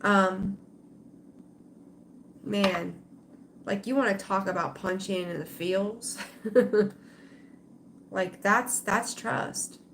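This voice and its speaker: Very slowly and with long pauses, a middle-aged woman with a mid-range voice and fairly even intonation chats with viewers on her tarot livestream. She rambles emotionally with many fillers and restarts, and there's a little hiss or hum.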